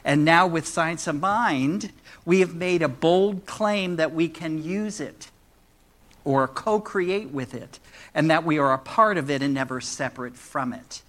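A man delivers a sermon in a church, his voice bright and slightly high for a man. He teaches in a loose, conversational way and drops playful jokes to the congregation as he goes. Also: a little slow. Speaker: minister.

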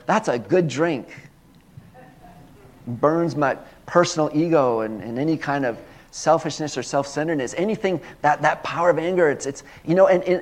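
A man preaching in an earnest, repetitive way, with a voice of ordinary middle pitch. He builds phrases to emphatic peaks and then drops to a soft, unhurried tone to lead a prayer. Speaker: minister. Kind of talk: sermon with guided prayer.

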